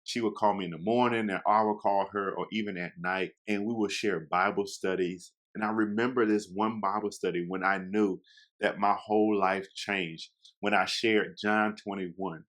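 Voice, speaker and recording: A young man telling a casual story about his past, chatty and animated, acting out quoted lines and speaking directly to his listeners. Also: lowish voice, moderate pace.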